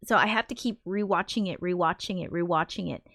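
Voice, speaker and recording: A woman's voice: lowish voice, fairly quick, a bit bright, no room sound, clean studio sound. A woman composer chatting casually on a livestream, rambling with frequent restarts and casual swearing. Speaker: composer streaming her work.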